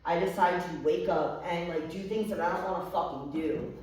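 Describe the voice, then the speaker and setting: A woman's voice: on the low side, moderate pace, a little mellow. Woman testifying in an echoey room. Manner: candid and profane, frequent fillers. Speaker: recovery meeting speaker. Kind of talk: personal testimony to a group. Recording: echoey room, distant mic.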